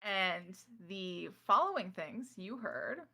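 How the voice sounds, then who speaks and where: Bright-voiced woman game master. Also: mid-range voice, sing-song, slow pace. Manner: chatty, affectionate, with frequent ums. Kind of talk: narrating a tabletop game.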